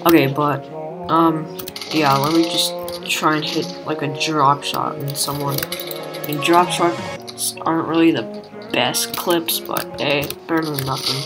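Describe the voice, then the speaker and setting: A young woman giving self-deprecating gameplay commentary while playing, breaking into sudden excited outbursts. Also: sits low, a little slow, music in the background. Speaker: gamer.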